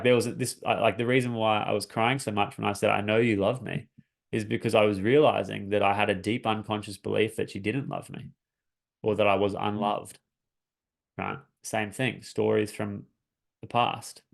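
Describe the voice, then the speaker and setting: The speaker is an Australian man whose creaky voice sits on the low side, with little pitch movement and a moderate pace. In a reflective personal talk meant to coach listeners, he tells his story earnestly, searching for words and often restarting.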